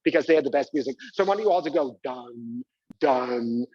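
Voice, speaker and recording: A man's voice: on the high side, rapid-fire, darkish tone, slightly rough, no room sound, muffled recording. A man performing a live one-man stage show, talking theatrically and prodding the audience to join in. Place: community center stage.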